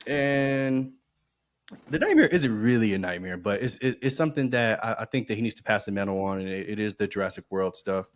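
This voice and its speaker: A man co-hosting a podcast in casual chat, animated, swearing freely and laughing often. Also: lowish voice, fairly quick, no echo. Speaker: podcast co-host.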